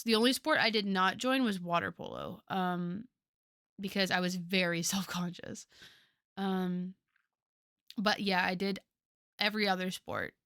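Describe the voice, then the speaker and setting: This streamer, a woman in her twenties, has a smooth, medium-pitched voice and chats casually and lively with her viewers, using lots of filler words. The sound is studio quality with no room sound.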